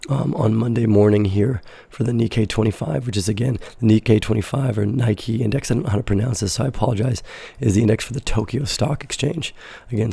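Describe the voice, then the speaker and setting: A hoarse man with a stuffy nose and a heavily gravelly, husky low voice walks through a market chart in a loose, rambling way. His tone is dark and mellow, recorded close and dry with no room sound. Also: dry recording. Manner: loose, rambling explanation with self-corrections. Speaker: crypto trading show host. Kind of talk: casual live market analysis.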